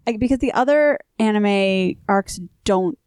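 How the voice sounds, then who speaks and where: A woman in casual conversation about anime, eager and emphatic, making quick points. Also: medium pitch, darkish tone, clean tone, no room sound.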